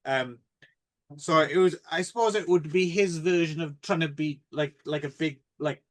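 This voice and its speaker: A man's voice: fairly high pitch, normal speed. A man co-hosting a casual film podcast, rambling and hesitant, with lots of fillers. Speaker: podcast co-host.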